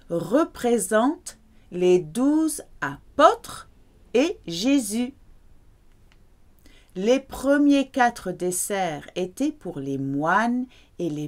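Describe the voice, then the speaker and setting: A French woman teaching vocabulary, pronouncing each word slowly and carefully. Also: mid-range voice, expressive. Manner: slow, careful pronunciation drills. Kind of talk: vocabulary lesson.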